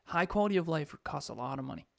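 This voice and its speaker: A man co-hosting a podcast and coaching, talking in an animated, emphatic way and laughing often. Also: fairly high pitch, quick pace, vocal fry, no echo, clean studio sound. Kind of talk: casual podcast chat.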